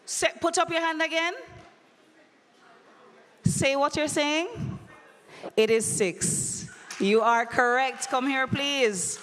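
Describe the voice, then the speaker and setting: A woman's voice: sits high, takes it slowly, pauses often. Playful woman emceeing in a hall. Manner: playful, teasing, animated crowd-work. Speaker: conference emcee running a quiz. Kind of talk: lively live event hosting. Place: large conference hall. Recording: long echoey hall reverb.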